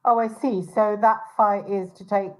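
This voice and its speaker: An agitated woman hosting a casual talk show, voice at an ordinary middle pitch. She talks in an indignant rush, restarting sentences and trailing off into fillers. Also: fairly even intonation, moderate pace, rough recording. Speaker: show host and private investigator.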